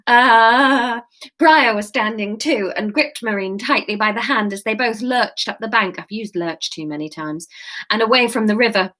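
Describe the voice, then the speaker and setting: A woman's voice: fairly high pitch, moderate pace, pushed and bright. A woman hosting an interactive live-stream story, reading it aloud and breaking off for chatty asides to viewers. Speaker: host and storyteller.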